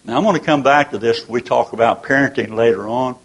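Older man, sermon, husky voice, folksy and earnest, rhetorical questions, mid pitch. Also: fast, poor audio. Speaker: preacher.

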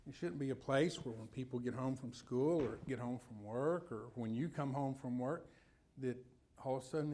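A man's voice: medium pitch, a little mellow, slight background noise. A man preaching a sermon in a folksy, conversational way, telling personal stories and putting questions to his listeners.

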